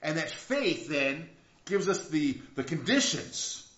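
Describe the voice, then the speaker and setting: Animated male pastor in an echoey room. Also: on the high side, slow pace. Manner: conversational, restarts, rising to impassioned outcries. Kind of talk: sermon. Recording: echoey, dull lo-fi church recording.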